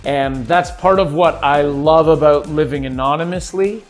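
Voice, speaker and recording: A man's voice: fairly high pitch, normal speed, faint music behind. A man hosting a solo podcast, chatting casually in a goofy, rambling, self-amused way. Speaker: podcast host.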